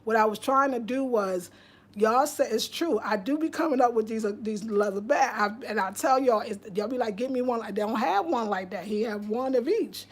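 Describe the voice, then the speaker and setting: A woman's voice: a little high, normal speed. A woman from Albany with a New York accent, hosting a casual livestream and chatting loosely with viewers, often restarting and trailing off. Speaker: livestream host. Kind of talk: casual livestream chat reading viewer comments.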